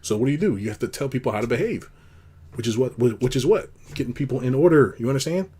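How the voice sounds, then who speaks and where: A man's voice: fast, slightly rough. Rambling man giving blunt life advice. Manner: rambling, animated, acts out quotes in a high put-on voice. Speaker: host. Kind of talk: casual monologue.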